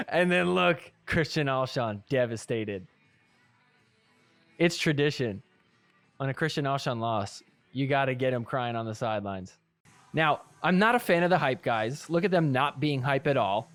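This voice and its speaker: Brief: male podcast host, sarcastic play-by-play riffing, animated pitch, mid voice, soft music under. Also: a little slow, pauses often. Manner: sarcastic, teasing, laughs often. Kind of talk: casual commentary over match clips.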